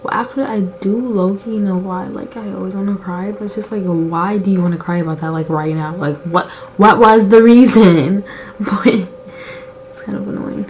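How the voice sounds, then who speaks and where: With a somewhat dark, medium-pitched voice and fairly even intonation, a girl in her late teens does her makeup and talks at a moderate pace. This beauty vlogger rambles, confesses, and uses lots of "like," opening up emotionally and candidly; the low-quality recording has slight background noise.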